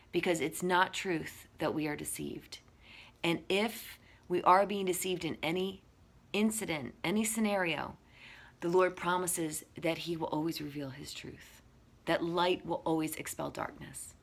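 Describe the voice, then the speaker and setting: A woman with a slightly low voice gives an inspirational faith talk. She speaks earnestly and sometimes sinks into a soft whisper for quiet moments. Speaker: speaker sharing a faith message.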